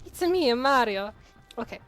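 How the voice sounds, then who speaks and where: A woman's voice: fairly high pitch, lively intonation, a little slow, faint music behind. A woman putting on a mock Italian accent to voice a sinister plumber doll that ends in an evil cackle. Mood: menacing.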